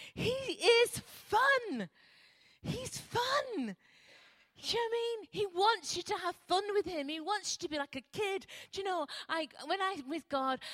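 Brief: older woman, emphatic sermon in church, repeats phrases, high-pitched. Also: no echo. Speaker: guest preacher.

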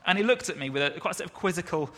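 A man preaches in a church hall, his bright, forceful voice sitting a little high for a man. He talks in an easy, conversational way, slipping in self-deprecating asides. The long reverb of the hall trails after each phrase. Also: lively intonation, rapid-fire. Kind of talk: sermon.

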